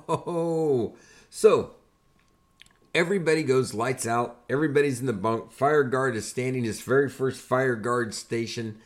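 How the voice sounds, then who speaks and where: An older man hosting a podcast, casually telling army stories in an animated, conversational way and building up to punchlines. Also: mid-range voice, slow pace, long pauses. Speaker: podcast host and army veteran. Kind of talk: casual storytelling.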